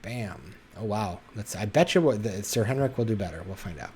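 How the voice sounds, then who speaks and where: A man's voice: lowish voice, lively intonation, fairly quick, a little mellow, slight background noise. A man narrating a tabletop role-playing game as game master, describing scenes with frequent fillers and restarts.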